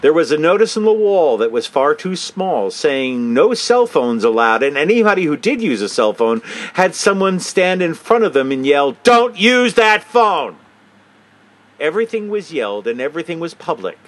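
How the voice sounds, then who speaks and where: A man's voice: a little high, big pitch swings, normal speed. A man hosting a comedic commentary, mocking and swearing casually while reading a statement aloud. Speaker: host.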